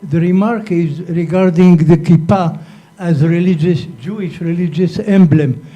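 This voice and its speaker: Audience guy, high but really dark voice, telling a little story before his question. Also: a little slow, rough recording. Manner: anecdotal, wry. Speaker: audience member asking a question. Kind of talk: conference Q&A question. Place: lecture hall.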